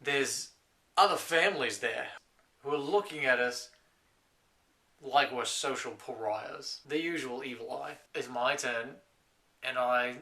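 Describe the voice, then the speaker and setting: A man's voice: medium pitch, unhurried, long pauses, pushed and bright. A man playing a wry last man on earth. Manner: rambling, wry storytelling. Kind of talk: scripted comedic monologue to camera.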